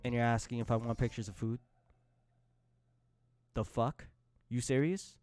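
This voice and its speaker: A man streaming live, chatting casually with his viewers, laughing often and breaking into loud outbursts. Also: mid-range voice, fairly even intonation, a little slow, pauses often, clear, resonant tone, dry recording, studio quality. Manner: addresses chat as y'all, slangy.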